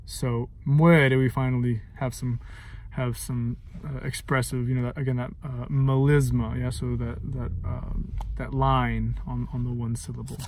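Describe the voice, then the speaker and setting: A man's voice: medium pitch, flat delivery, moderate pace, darkish tone, slight background noise. A man giving an informal lesson on setting text to music, thinking aloud with many fillers and singing short phrases to illustrate. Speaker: music teacher and composer.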